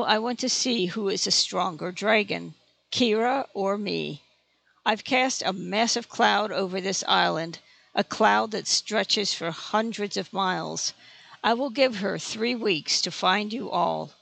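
Cold ambitious female dragon, as an audiobook narrator puts her on, measured, matter-of-fact, gravelly, dry close sound. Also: medium pitch, fairly bright tone, dry recording, heavily acted. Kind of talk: audiobook reading.

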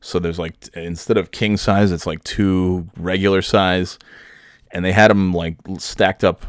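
A man from New York rambles through a story in a casual, joking way, full of "uh"s and "like"s. His voice is low and the sound is dry and close, with no room around it. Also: steady tone, measured pace, no room sound. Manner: rambling, joking, many fillers. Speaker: vlogger.

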